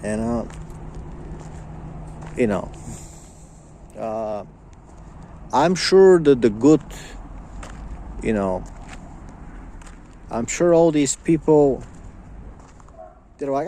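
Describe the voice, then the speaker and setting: A man's voice: medium pitch, takes it slowly, pauses often, mellow, a little hiss or hum. A man ranting as a podcast host, heated and profane, often stammering and repeating his words. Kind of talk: ranting monologue.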